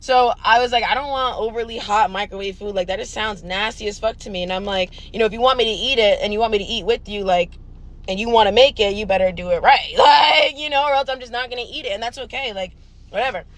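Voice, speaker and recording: Young woman vlogger, blunt profane storytime, mid-pitched. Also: fast talker, rough recording. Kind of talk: casual storytime rant.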